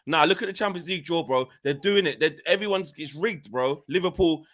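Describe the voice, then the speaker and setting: A man co-hosting a live fan reaction chat over a video call. His voice sits a little high, and he talks loudly, ranting and repeating himself again and again. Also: a little fast. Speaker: fan channel co-host.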